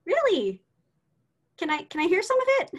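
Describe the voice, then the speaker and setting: A woman reading an impatient young woman who tutors French and snaps quickly. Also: very high-pitched, huge pitch swings, voice pushed up, heavily acted. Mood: exasperated. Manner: exasperated, quick to snap. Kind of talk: amateur scene reading.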